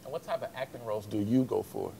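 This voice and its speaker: A man's voice: on the low side, fast talker, creaky, dark tone, slight background noise. A young man, a student host, interviewing guests in an upbeat way with short affirmations. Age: young adult. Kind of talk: interview hosting.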